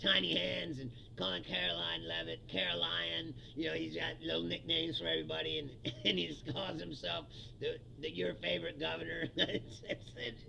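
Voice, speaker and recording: Gravelly high-voiced ranting man. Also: little pitch movement, normal speed, bright, forceful tone, slight background noise, poor audio. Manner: profane, laughing, heated. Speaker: livestream host. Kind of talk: casual political rant.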